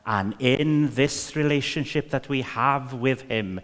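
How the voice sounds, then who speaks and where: A man's voice: medium pitch, slow pace, few pauses, fairly bright tone, long reverb tail. A man with a Welsh accent preaching a sermon, emphatic and repetitive with many fillers.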